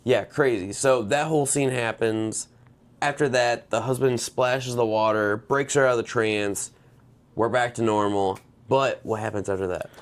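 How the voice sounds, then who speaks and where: A man's voice: mid-range voice, steady tone, normal speed. A man co-hosting a casual movie review podcast, retelling the plot and acting out the characters' lines. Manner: retells plot, acts out characters, drops to a hush. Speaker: podcast co-host.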